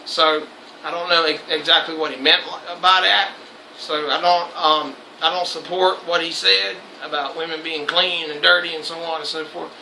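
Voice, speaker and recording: A man's voice: a little high, fairly even intonation, normal speed, gravelly, pushed and bright, a little hiss or hum. A young man hosting a casual chat show, loose and profane and laughing often. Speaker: host. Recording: echoey room.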